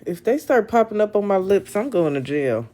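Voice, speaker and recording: A woman's voice: medium pitch, sing-song, normal speed, mellow. A young woman hosting a casual livestream on her phone, talking bluntly to her viewers with plenty of swearing and exasperation. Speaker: livestream host. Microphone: phone camera.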